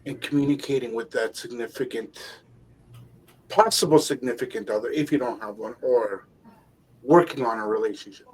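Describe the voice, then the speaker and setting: A man hosting a radio interview, asking his questions haltingly and restarting them. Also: mid-range voice, husky, rough recording. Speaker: radio show host.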